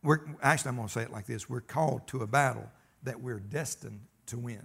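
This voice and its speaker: A man's voice: mid-range voice, brisk, gravelly, a bit bright, breathy edge. A man preaching a sermon, folksy and emphatic, telling stories and calling for amens. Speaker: pastor.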